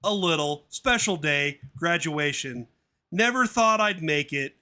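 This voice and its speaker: Barry, a man doing a squeaky excited bee. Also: unhurried, heavily acted. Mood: eager. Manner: high-pitched, upbeat. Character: excitable young male bee, eager graduate. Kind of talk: amateur script reading on a livestream.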